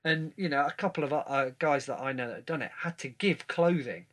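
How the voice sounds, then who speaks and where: A man in a casual chat, telling animated stories. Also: on the high side, brisk. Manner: storytelling, animated.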